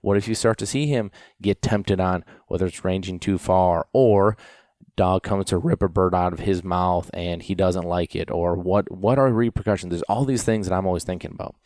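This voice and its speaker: Male podcast host and dog trainer, deep low voice, rambling storyteller, dry close sound. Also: normal speed, darkish tone, dry recording. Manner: rambling, storytelling with many restarts and fillers. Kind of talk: casual podcast talk.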